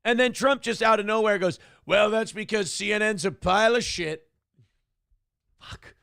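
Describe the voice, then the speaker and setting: A man's voice: high voice, normal speed, creaky, a bit bright, dry recording, studio quality. A man hosting a morning show, riffing crudely and mockingly on news clips. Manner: profane, mocking, does jokey impressions. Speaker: show host.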